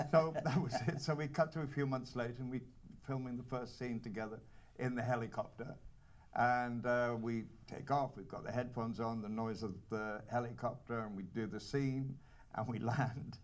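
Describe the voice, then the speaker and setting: A man from North Wales with a North Welsh accent, an actor telling anecdotes at a cinema Q&A in a halting, wry way full of restarts. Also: medium pitch, steady tone. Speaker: actor at a screening Q&A. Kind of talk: casual anecdotal panel talk. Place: cinema auditorium with audience.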